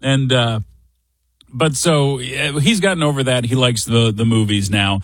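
A man's voice: mid-range voice, measured pace, no room sound. A middle-aged man hosting a show, telling a casual story in a chatty, wry, self-deprecating way. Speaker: radio show host.

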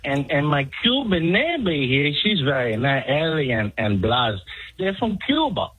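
A man's voice: on the high side, very animated, unhurried, breathy edge, narrow, tinny audio, pitched below the performer's own voice, heavily acted. A man putting on a hammy Latino neighbor voice. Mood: playful. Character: male Latino neighbor with a thick put-on accent.

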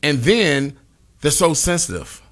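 A man's voice: a little high, big pitch swings, unhurried, a bit bright. A man talking casually on a radio talk show, opinionated and rambling with frequent restarts.

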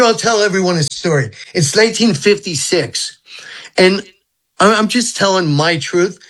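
This older man from Brooklyn talks in an earnest, rambling way, drifting from spiritual musings into childhood stories. His voice sits a little high for a man. He is a guest on a radio interview. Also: a bit bright. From Brooklyn, New York. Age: 70s.

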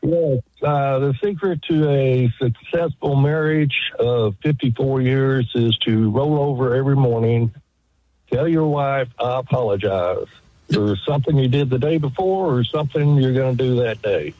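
A man's voice: medium pitch, moderate pace, no room sound, narrow, tinny audio. An older man calling in to a radio show, plainspoken and reflective. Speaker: caller. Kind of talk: call-in radio chat.

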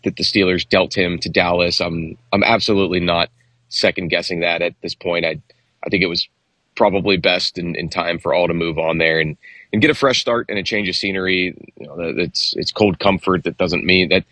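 A man co-hosting a sports radio show, talking football in a halting way with many restarts. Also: low voice, steady tone, bright, forceful tone, dry recording. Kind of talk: casual sports talk.

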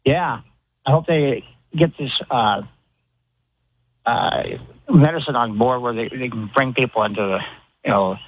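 A man's voice: mid-range voice, unhurried, pauses often, slightly rough, no echo. Easygoing male caller on a tinny line. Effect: phone line. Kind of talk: call-in phone chat.

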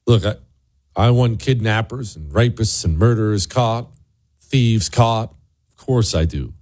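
A male talk radio host who argues hard and stumbles over repeated words when he gets going. His pitch swings widely as he rails against his targets. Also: a little mellow, dry recording, studio quality. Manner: emphatic, combative, repeats words when worked up. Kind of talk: opinionated talk radio monologue.

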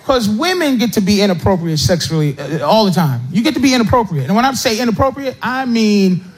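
A man's voice: sits high, expressive, fairly quick, slightly rough. A man doing stand-up comedy, playful and mimicking other voices.

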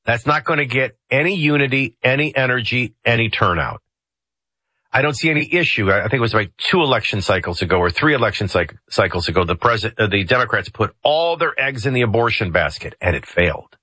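A man's voice: mid-range voice, animated, brisk, pushed and bright, slightly rough, no echo. A male radio talk show host giving jokey, conversational political commentary from a studio mic, with frequent restarts.

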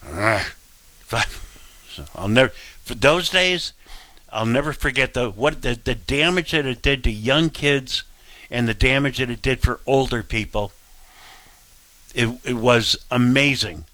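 A male talk radio host with a bright, forward voice, recorded dry and close. He speaks bluntly and rambles through his opinions. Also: medium pitch, lively intonation, unhurried, long pauses, no echo.

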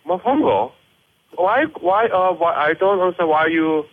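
A man with a Korean accent, speaking halting broken English on a phone call as a restaurant worker. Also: on the high side, lively intonation, breathy edge. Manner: halting broken English, gets loud and indignant. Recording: phone line.

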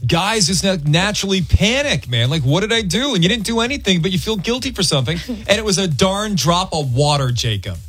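Male radio morning host, jokey and animated, with a lively voice and faint music underneath. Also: sits high, brisk, few pauses, breathy edge, no echo. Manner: jokey, animated, laughs often. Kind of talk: casual on-air chat with callers.

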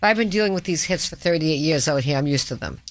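A woman's voice: low voice, animated, no room sound. A middle-aged woman with a thick Boston accent talks brashly and combatively, as a guest in a casual chat. Her voice is recorded dry and close, with no room sound. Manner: brash, combative, fast-talking. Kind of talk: casual conversation.

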